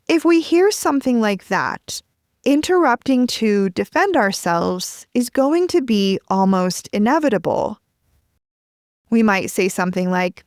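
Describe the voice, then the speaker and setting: A woman hosting a relationship advice podcast, speaking in a gentle, measured way and acting out example phrases. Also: mid-range voice, lively intonation, dry recording, studio quality. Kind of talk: calm advice monologue.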